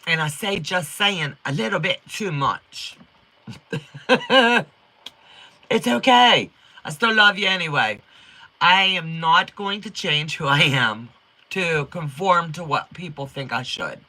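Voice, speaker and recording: Middle-aged woman on a sewing livestream, folksy and chatty, thick accent, talks fast, real bright sharp voice. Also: deep voice, animated. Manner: upbeat and warm toward viewers. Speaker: quilting livestream host. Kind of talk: casual livestream chat reading viewer comments.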